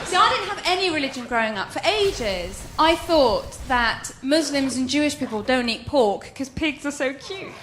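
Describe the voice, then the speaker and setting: A woman doing a stand-up set, animated and wry, often mimicking other people. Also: high voice, moderate pace, few pauses, echoey room, heavy background noise. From London, England. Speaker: stand-up comedian.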